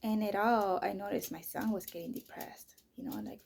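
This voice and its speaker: A woman's voice: medium pitch, flat delivery, fairly quick, vocal fry, few pauses, darkish tone, a little hiss or hum. A woman in her thirties telling her own story in a candid, casual way, swearing freely and filling her talk with "you know" and "like.". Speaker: vlogger.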